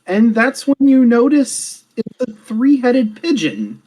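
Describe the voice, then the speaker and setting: A man playing a tabletop role-playing game, making blunt, deadpan remarks and narrating his character's actions. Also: extremely high pitch, slow pace, rough recording. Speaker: player. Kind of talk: tabletop role-play chat.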